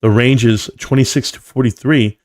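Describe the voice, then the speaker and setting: A man's voice: mid-range voice, fairly even intonation, normal speed, darkish tone. Joking man in his forties hosting a live stream. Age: 40s. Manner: loose and joking, slangy, often says "bro". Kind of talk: casual live-stream chat, reading viewer comments aloud.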